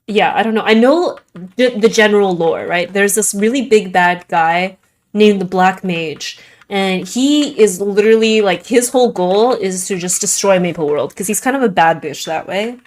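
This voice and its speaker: A woman's voice: medium pitch, moderate pace. Rambling young woman streamer, Valley Girl lilt. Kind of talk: casual gaming stream chat.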